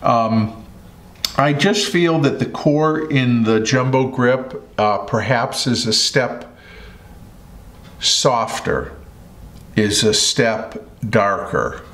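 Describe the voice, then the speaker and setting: A man hosting a pencil review vlog, talking in an unhurried, thoughtful way with many pauses and fillers. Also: mid-range voice, a bit bright, reverberant. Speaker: host.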